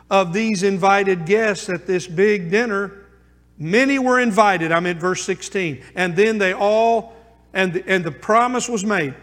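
A man preaching a sermon as pastor, moving between hushed asides and emphatic calls. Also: sits high. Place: church sanctuary. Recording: long church reverb.

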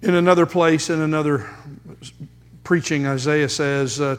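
A male pastor preaching a sermon, emphatic, with dramatic pauses and rhetorical questions, in a church sanctuary. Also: on the high side, fairly even intonation. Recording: long hall reverb.

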